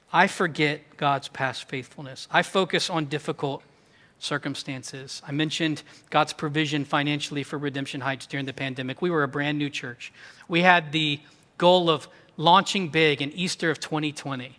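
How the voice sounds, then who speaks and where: A male pastor preaching a sermon to his church in an emphatic, conversational way, with quick asides. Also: fairly high pitch, a bit bright, long reverb tail. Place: church sanctuary.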